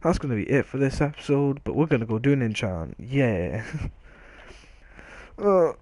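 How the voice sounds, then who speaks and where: A man's voice: mid-range voice, lively intonation, brisk, darkish tone, no room sound. A man casually commenting on his own video game play, rambling and joking at himself, often trailing off mid-sentence. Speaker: gaming video host.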